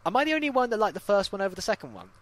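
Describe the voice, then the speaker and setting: A man co-hosting a casual podcast chat, telling animated stories, swearing freely and mimicking other people. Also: sits high, racing. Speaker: podcast co-host.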